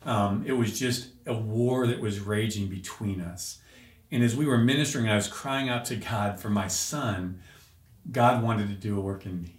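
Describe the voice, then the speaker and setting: A man's voice: on the low side, moderate pace. A man telling an emotional personal story as a podcast guest, earnest and searching, with restarts. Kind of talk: personal testimony in an interview. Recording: roomy echo.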